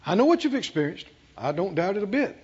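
A man preaching a storytelling sermon that draws call-and-response from the congregation, with slow, drawn-out phrases that build into shouted chanting. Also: high-pitched, big pitch swings, husky, lo-fi sound.

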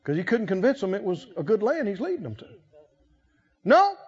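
A man's voice: high voice, very animated, a little fast, darkish tone, slightly rough. A man preaching a sermon with emphatic calls for the congregation to answer back. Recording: slightly muffled recording.

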